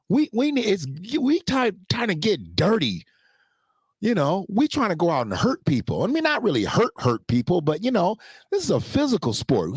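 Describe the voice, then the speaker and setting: A man hosting a casual solo commentary show, talking loosely and jumping into high mocking voices when he quotes others. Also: huge pitch swings, moderate pace, breathy edge, no echo, studio quality.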